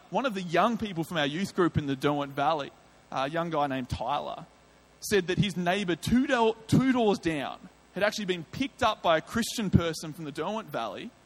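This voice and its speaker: An Australian man preaching from the pulpit, slipping into a story about his own past. His voice sits a little higher than most men's, and he acts out what he thought and said with lively, vivid delivery. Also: moderate pace. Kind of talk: sermon testimony.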